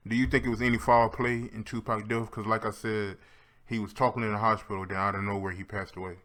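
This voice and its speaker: A man with a very low voice puts questions to a guest. He asks them directly and in plain words. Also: level tone, quick pace, fairly bright tone. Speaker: interviewer. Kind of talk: interview questions.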